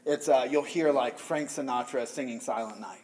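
A man's voice: mid-range voice, moderate pace, a little mellow. A middle-aged man from the American South preaching a conversational sermon and joking with the congregation. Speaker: pastor.

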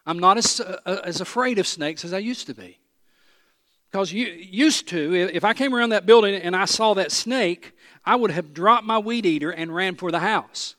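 A pastor, from East Tennessee, preaching a sermon with animated storytelling, self-deprecating humor and emphatic repetition. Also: male voice, sits high, normal speed, dry recording, clean studio sound.

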